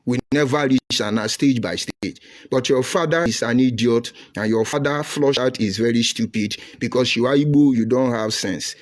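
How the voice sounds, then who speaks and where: A man's voice: medium pitch, normal speed. A middle-aged man with a Nigerian accent giving combative live-stream commentary, reading and answering viewer comments with rhetorical questions and insults.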